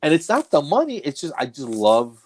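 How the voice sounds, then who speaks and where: A middle-aged comedian, appearing as a guest, tells a long story in casual conversation, poking fun at himself and laughing as he goes. His voice is on the high side, fairly quick, with huge swings in pitch.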